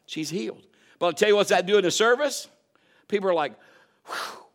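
A man with a fairly high voice preaches a sermon. He tells stories and swings between loud, emphatic bursts and quiet, low asides. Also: expressive, fairly quick.

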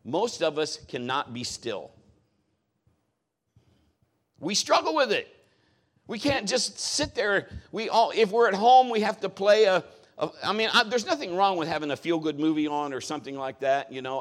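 A man's voice: fairly high pitch, lively intonation, moderate pace. A middle-aged man preaching a sermon as a pastor, talking in a conversational, folksy way with joking asides.

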